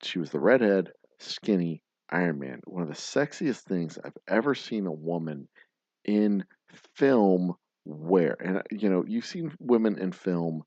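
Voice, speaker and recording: A man's voice: low-pitched, dry recording, highs cut off. A man hosting a drinking livestream show, ranting crudely and laughing in rambling, profane chat. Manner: loud, crude, laughing, tipsy rants. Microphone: webcam livestream setup.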